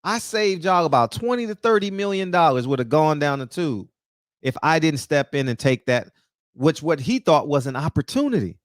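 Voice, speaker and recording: A man, ranting about boxing in a lively, preachy way. He talks straight to his viewers. The sound is dry and close. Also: a little high, moderate pace, no echo. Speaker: boxing commentator. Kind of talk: casual opinion rant.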